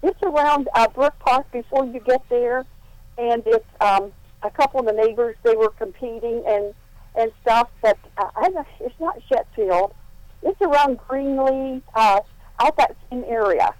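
A woman caller with a fairly high voice, explaining in a helpful, meandering way. Her voice sounds dry and close. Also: a little slow, a little mellow, dry recording, low-quality recording. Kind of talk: call-in chat.

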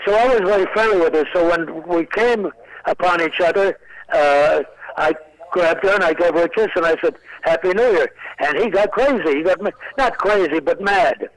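An older man, a comedian guest on a radio talk show, telling rambling anecdotes with deadpan punchlines. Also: high voice, normal speed, no room sound, poor audio. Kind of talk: storytelling interview chat.

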